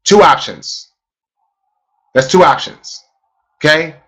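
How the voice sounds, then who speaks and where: A man's voice: a little high, takes it slowly, fairly bright tone. A man teaching a live online sales webinar as a trainer, talking emphatically and repeating key phrases for stress.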